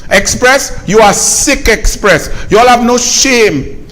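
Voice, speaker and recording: A man's voice: very high-pitched, expressive, sharp tone. A man with a Trinidadian accent, giving sarcastic, mocking political commentary. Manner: sarcastic, mocking, fast-talking.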